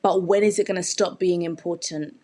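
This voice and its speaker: A woman actor from the United Kingdom, a podcast guest, speaking in a thoughtful, reflective way with drawn-out phrasing. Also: fairly low pitch, steady tone, darkish tone. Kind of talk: reflective interview talk.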